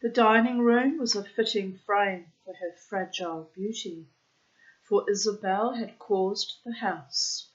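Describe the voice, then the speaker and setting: A tired woman reads a classic short story aloud at a slow, careful pace. Her voice sits at a middling pitch. The recording is slightly dull and muffled. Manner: unhurried, careful reading with asides. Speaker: audiobook reader.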